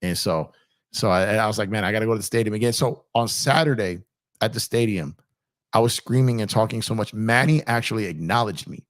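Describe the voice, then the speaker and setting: Male host, lower voice, strained from screaming, rambling and laughing, dry close sound. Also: a little fast, no room sound. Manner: rambling, laughs often, many restarts. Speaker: YouTube channel host. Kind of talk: casual post-game chat.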